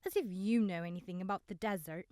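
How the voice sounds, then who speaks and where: A woman voicing a surly young man who sneers and snarls, read louder than her narration in a close, dry recording. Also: mid-range voice, quick pace, no room sound, close to an everyday voice. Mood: snarling.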